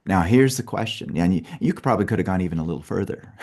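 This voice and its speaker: A fast-talking man leads a workshop, guiding a participant through a group exercise with step-by-step instructions and constant "okay" checks. His low-pitched voice is expressive and mellow, and his manner is instructive.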